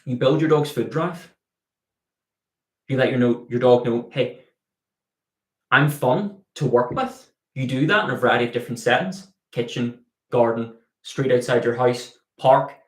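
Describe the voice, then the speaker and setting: A man's voice: medium pitch, fairly even intonation, moderate pace, reverberant. A man, a dog trainer, answering viewer questions in a live Q&A, explaining with everyday analogies and acting out the dog's thoughts.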